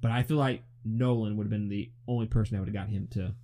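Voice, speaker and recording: A man's voice: fairly low pitch, steady tone, fast, dark tone. A young man co-hosting a casual movie review chat, blunt and laughing often, swearing freely. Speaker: podcast co-host.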